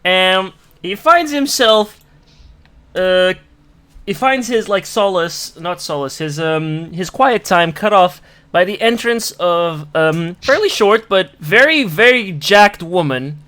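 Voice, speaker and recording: A man as dungeon master, narrating a tabletop game in a halting way with many fillers. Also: sits high, lively intonation, sharp tone.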